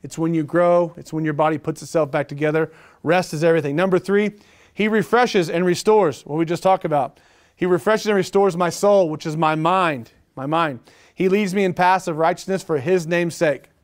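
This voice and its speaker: A middle-aged male pastor preaching a sermon, animated and repetitive, asking the room questions. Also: a little high, normal speed. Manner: animated preaching with repeated phrases and rhetorical questions.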